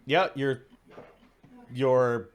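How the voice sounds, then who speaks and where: A man with a medium-pitched voice runs a tabletop game as game master, narrating haltingly with many fillers.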